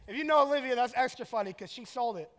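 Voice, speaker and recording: High-voiced joking pastor in a hall. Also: male voice, a bit bright. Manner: casual, joking storyteller. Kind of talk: sermon. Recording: echoey large hall.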